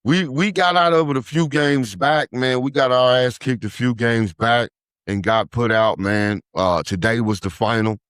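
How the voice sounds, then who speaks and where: A man's voice: mid-range voice, moderate pace, a bit bright, clean tone, no room sound, clean studio sound. A man hosting a podcast as a life coach, talking casually and tagging "man" onto nearly every phrase, with lots of "uh" fillers. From United States.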